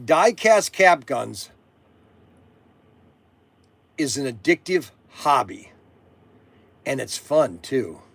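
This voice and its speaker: A man in his sixties from Ohio, hosting a rambling live stream for his toy shop, excitable and repeating himself. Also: mid-range voice, drawn-out words, vocal fry, long pauses, slightly rough, no echo. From Ohio, USA. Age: 60s.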